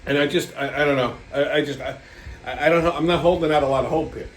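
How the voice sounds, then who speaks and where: A high-pitched man rants through his show in a brash, foul-mouthed, rambling way, often stumbling and restarting. His voice bounces around an echoey room. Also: fairly even intonation, fast. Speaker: show host. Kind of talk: casual ranting commentary.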